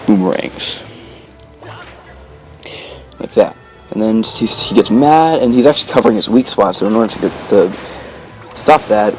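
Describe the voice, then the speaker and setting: A let's play commentator with a warm, low-ish voice gives casual, rambling gameplay commentary, joking and interrupting himself with lots of filler words. It was recorded after the gameplay on a desk mic, and the quality is low.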